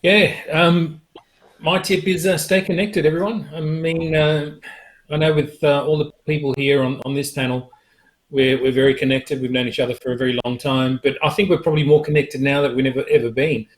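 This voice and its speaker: Man, slightly high voice, earnest and reassuring, video call. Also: level tone, brisk. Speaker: panelist photographer. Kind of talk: livestream panel discussion.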